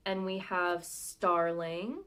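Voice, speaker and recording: A woman hosting a live pick-a-card tarot reading, talking in a gentle, chatty and intuitive way with many casual fillers. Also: lowish voice, flat delivery, takes it slowly, smooth.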